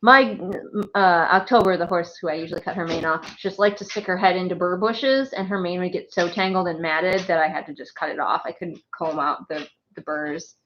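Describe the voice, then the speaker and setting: A woman's voice: lowish voice, brisk, a bit bright, dull audio, a little hiss or hum. A woman chatting casually on a live stream from her home, rambling and laughing often. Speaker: streamer and writer. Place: home with pets.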